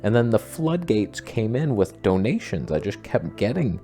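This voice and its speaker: Gravelly, animated man vlogging. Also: moderate pace, hardly any pauses, faint music behind. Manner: rambling, self-mocking, animated with sudden pitch jumps. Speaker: camera gear vlogger. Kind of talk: casual talking-head vlog.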